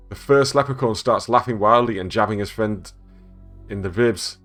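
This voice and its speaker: A man's voice: fairly low pitch, a little fast, fairly bright tone, faint music behind. A man playing a game and reading its emails aloud, stumbling over words and adding sarcastic jokes. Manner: joking, reads text aloud with stumbles and sarcastic asides. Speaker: gaming YouTuber.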